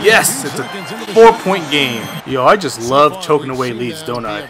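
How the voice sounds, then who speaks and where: A young man commentating his own basketball video game, hyped up, shouting and half-singing at big plays. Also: mid-range voice, big pitch swings, moderate pace, a crowd in the background. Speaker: gaming YouTuber. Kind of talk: excited gameplay commentary. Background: background music.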